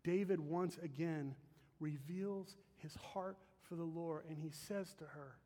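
A man's voice: a little high, a little slow, mellow. A man preaching a sermon as pastor, earnest and emphatic, speaking in a church sanctuary. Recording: long reverb of a large hall.

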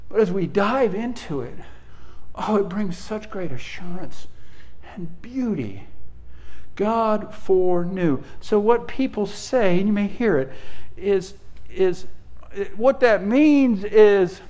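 Emphatic pastor preaching. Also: male voice, high voice, measured pace, a little mellow. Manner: emphatic preaching with many restarts and repeated words. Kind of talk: sermon.

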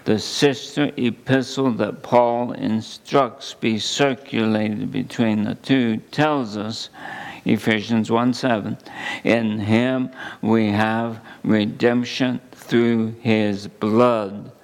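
Guy preaching real slow, gravelly voice, reads verses with big pauses. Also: lowish voice, steady tone. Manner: slow, deliberate scripture reading with emphatic pauses. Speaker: pastor. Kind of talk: sermon.

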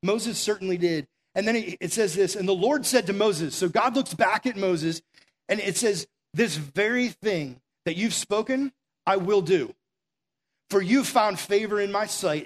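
A man preaching a sermon in an earnest, conversational way, acting out quoted prayers as he goes. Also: high-pitched. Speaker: pastor.

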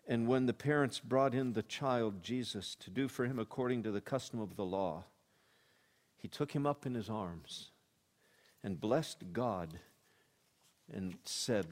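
A man with a lowish voice preaches a sermon, sinking into a hushed storytelling tone before rising to loud, emphatic proclamation. He reads scripture slowly and deliberately.

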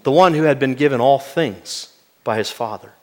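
A male pastor preaching an expository sermon. He often drops to a quiet, weighty voice for key lines. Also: mid-range voice, moderate pace.

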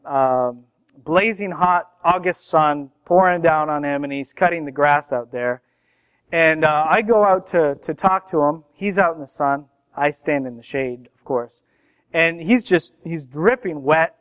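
Man, pastor, sermon, lively high voice, rising for emphasis, dull lo-fi recording. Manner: conversational preaching, rising loud for emphasis.

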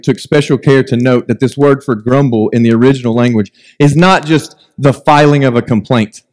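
A man preaching a sermon as a pastor, animated, with joking asides and mock voices of complainers. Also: medium pitch. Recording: long hall reverb.

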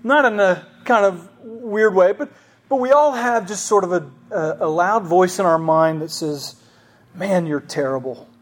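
Pastor, male, high voice, chatty sermon delivery with questions to the room. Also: moderate pace. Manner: conversational, asks the congregation questions.

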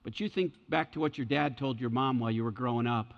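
A man's voice: medium pitch, quick pace, gravelly. A male pastor preaching a sermon in an earnest, emphatic way, often checking in with his listeners. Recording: dull lo-fi sound with long hall reverb.

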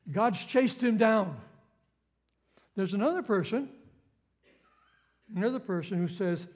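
A man with a high, light voice preaches a sermon as a pastor, impassioned and building through repetition. He leans on the same phrases again and again and jumps into sudden, sharp, high exclamations.

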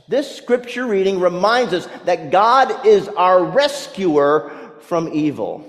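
Male pastor, storytelling sermon; high, very lively pitch, dropping to hushed asides. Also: takes it slowly, in a large hall. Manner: storytelling preacher, swings from loud to hushed.

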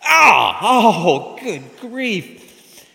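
A man's voice: a little high, measured pace, fairly bright tone, voice pushed up. A man voicing a whiny patient in pain, with exaggerated groans and wails. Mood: wailing. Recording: long hall reverb.

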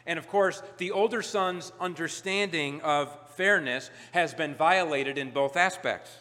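Male pastor, sermon, emphatic swells and drops, bright tone, long hall echo. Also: a little slow. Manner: emphatic, building to loud peaks then dropping low.

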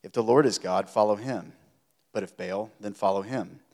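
A man with a fairly low voice reads scripture aloud in a church sanctuary. He reads expressively, lifting his voice for the quoted lines. The sound carries a long, hall-like reverb. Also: normal speed, vocal fry, darkish tone. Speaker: scripture reader.

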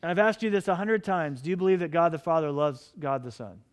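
A man's voice: a little high, quick pace, clear, resonant tone. A middle-aged man preaching a sermon as pastor, impassioned and pleading with his listeners.

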